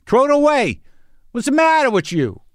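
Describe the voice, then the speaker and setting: Guy doing a loud pushy queens accent, fed-up dude yelling at himself, dry close sound. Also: very high-pitched, huge pitch swings, normal speed, no echo, pitched above the performer's own voice, full character voice. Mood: exasperated. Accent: New York Queens. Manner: loud, blunt, scolding. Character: gruff exasperated Queens man scolding himself.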